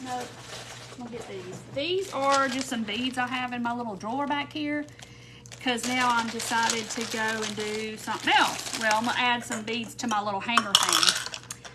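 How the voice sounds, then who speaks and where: A woman's voice: fairly high pitch, moderate pace, very noisy. A woman hosting a live craft stream, rambling and thinking aloud as she works and greets viewers by name. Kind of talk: casual craft tutorial chat. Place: home craft room.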